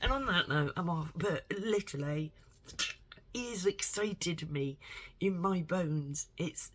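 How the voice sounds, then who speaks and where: A woman's voice: low-pitched, unhurried, long pauses, a bit bright, slightly rough. A woman vlogger giving a blunt, rambling opinion monologue to camera, swearing heavily and speaking emphatically.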